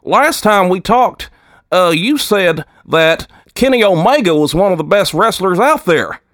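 A man's voice: high voice, animated, measured pace, fairly bright tone, no echo, clean studio sound, pitched above the performer's own voice. A man voicing a wrestling show co-host who talks with a mouthful of chewing tobacco. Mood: placating. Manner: mushy speech from chewing tobacco. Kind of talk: podcast character voice.

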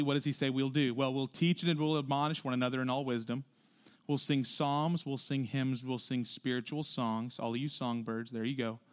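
A lively sermon from a male pastor fills the church sanctuary, swinging between loud, emphatic bursts and quiet asides spoken low.

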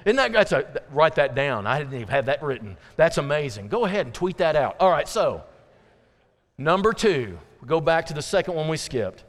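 High-voiced preacher in a reverberant hall. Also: male voice, moderate pace. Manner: animated preaching with dramatic drops to quiet, earnest lines. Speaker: pastor. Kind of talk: sermon. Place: church sanctuary. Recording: church hall with long reverb.

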